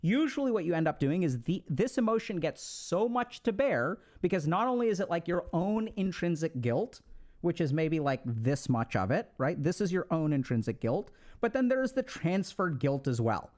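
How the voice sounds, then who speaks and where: Higher-voiced man explaining casually. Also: lively intonation, normal speed, a little mellow. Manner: conversational, checks in with listeners, many fillers. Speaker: speaker on relationships.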